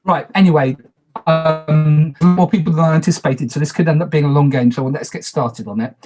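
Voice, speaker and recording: A man's voice: fairly high pitch, steady tone, fairly quick, music in the background. A man moderating an online party game on a video call, talking casually, repeating instructions and making self-deprecating asides.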